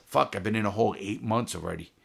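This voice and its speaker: A middle-aged man with a very low, gravelly voice tells stories straight to camera. He is blunt and swears freely, often breaking off and restarting his sentences. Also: fast talker, a bit bright. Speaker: storyteller of his own past. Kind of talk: casual profane storytelling to camera.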